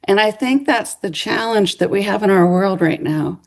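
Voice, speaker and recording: A middle-aged woman giving a lecture, telling a story in a lively way and acting out the voices of people she quotes. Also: medium pitch, normal speed, creaky. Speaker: speaker. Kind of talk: university lecture.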